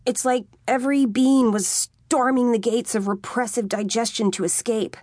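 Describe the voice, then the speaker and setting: A woman voicing a nervous nineteen-year-old male vampire who complains excitably. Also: a little high, moderate pace, dry recording, clean studio sound, pitched above the performer's own voice, close to an everyday voice. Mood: indignant.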